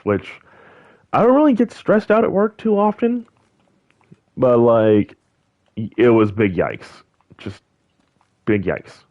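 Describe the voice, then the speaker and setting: A man's voice: lowish voice, phone-quality sound. Rambling young man chatting over gameplay. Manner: rambling, animated, lots of fillers and restarts. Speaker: gaming channel host. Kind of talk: casual chat over gameplay.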